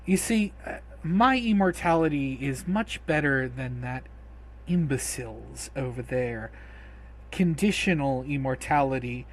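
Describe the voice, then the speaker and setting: A man's voice: medium pitch, lively intonation, measured pace. Man voicing Lady Grey, a smug ghostly noblewoman. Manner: silky, condescending.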